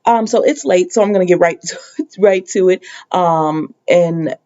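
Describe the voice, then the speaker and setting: Mellow-voiced woman rambling through a recap. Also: fairly low pitch, moderate pace, lo-fi sound. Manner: rambling, full of ums and restarts; conversational, sometimes exasperated asides. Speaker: TV recap host. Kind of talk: casual episode recap.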